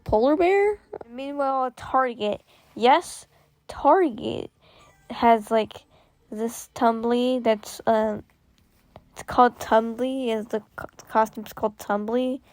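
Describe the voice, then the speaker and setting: A woman's voice: fairly high pitch, a little mellow, dry recording. A young woman vlogger giving rambling, sarcastic commentary, full of fillers and restarts. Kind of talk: casual commentary.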